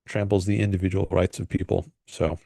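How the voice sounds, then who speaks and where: Low-voiced man musing hesitantly. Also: level tone, fairly quick, creaky, mellow, dry recording, clean studio sound. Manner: thoughtful, hesitant with many fillers and restarts. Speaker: livestream host. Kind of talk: casual solo commentary.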